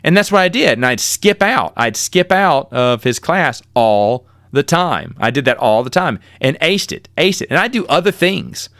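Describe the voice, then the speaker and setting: A man's voice: a little high, moderate pace, few pauses, no echo. Middle aged guy rambling thru old college stories, dry close mic, keeps restarting sentences. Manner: rambling, animated, with self-corrections. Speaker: podcast host. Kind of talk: casual storytelling monologue.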